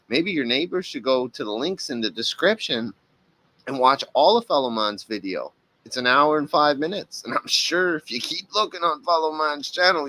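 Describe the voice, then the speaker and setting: Sarcastic man with a bright, forceful voice. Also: fairly high pitch. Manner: profane, sarcastic, taunting. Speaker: reaction video host. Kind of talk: mocking commentary over clips.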